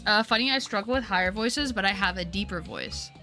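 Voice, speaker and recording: Her voice is brisk, pushed, and bright, pitched high from a long customer-service habit, as this woman in her twenties chats casually while gaming on stream. She's giggly and upbeat, with soft music in the background.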